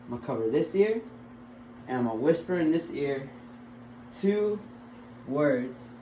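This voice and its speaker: A man's voice: a little high, expressive, a little slow, long pauses, warm tone. A young man, a health assessment student, giving a casual demonstration at home; he is chatty and fumbling, laughs often and coaxes his dog. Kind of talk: casual recorded skills demonstration. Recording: roomy with faint noise.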